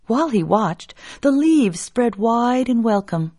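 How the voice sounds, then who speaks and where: A woman telling a folk tale in an expressive, drawn-out way, hushing at tense moments. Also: fairly high pitch, husky. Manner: expressive, drawn-out, hushed at suspense. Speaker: storyteller.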